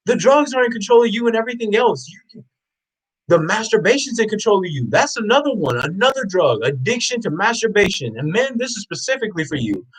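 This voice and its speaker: A man with a slightly high voice delivers an unscripted motivational rant. He preaches with blunt intensity, firing the same questions again and again and raising his voice to drive them home. His talk is rough and profane. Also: very animated, fairly quick, rough recording. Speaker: motivational vlogger.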